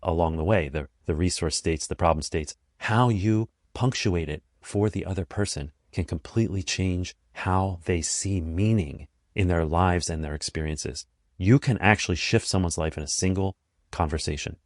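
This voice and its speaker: Deep-voiced man giving an emphatic podcast talk. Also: no echo, studio quality. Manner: deliberate, emphatic, repeats phrases for stress. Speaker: podcast host. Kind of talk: motivational podcast monologue.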